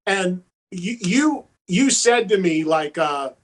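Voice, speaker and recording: A man appearing as a talk show guest tells a long, casual story in a high-pitched, slow voice with faint background noise. He's an animated storyteller who loves acting out the people involved and doing their voices.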